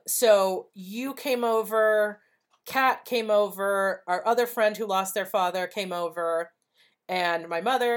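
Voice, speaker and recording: A woman co-hosting a podcast, telling a personal story in a blunt, profane, casual way and acting out the dialogue. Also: mid-range voice. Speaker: podcast co-host.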